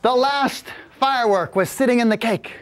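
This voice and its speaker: A man in his forties telling a comic story, animated and full of vocal sound effects. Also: extremely high pitch, moderate pace. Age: 40s.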